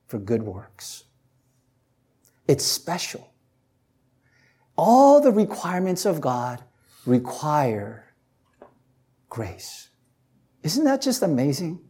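A pastor giving a casual, story-driven sermon, leaning on "you know" and swinging from loud to hushed. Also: medium pitch. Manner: chatty, anecdotal, heavy on "you know". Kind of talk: conversational sermon.

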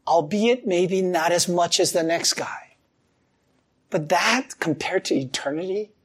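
A male pastor preaching a sermon in an animated way, chuckling often and swinging between loud emphasis and soft, low asides. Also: a little slow, slightly rough.

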